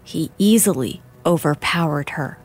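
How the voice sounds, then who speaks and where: A woman reporter delivering scripted documentary narration in a measured, grave manner. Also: sits low, lively intonation, darkish tone, breathy edge, faint music behind.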